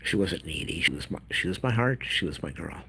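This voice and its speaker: Very deep gravelly man, grieving. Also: lively intonation, sharp tone, slight background noise. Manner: emotional, halting, slipping into whispers. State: grieving, on the edge of tears. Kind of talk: personal storytelling vlog.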